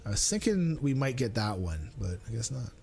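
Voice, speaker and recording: A man's voice: mid-range voice, sing-song, fairly quick, creaky, a little mellow, slight background noise. A man live-streaming a game in casual chat, thinking aloud, mumbling asides and teasing himself. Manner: self-mocking and playful.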